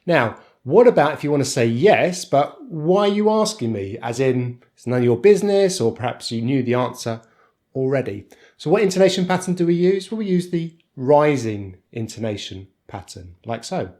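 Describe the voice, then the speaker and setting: Lively British man teaching pronunciation. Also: medium pitch. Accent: British English. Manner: clear, deliberate explaining with exaggerated rises and falls. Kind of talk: online pronunciation lesson.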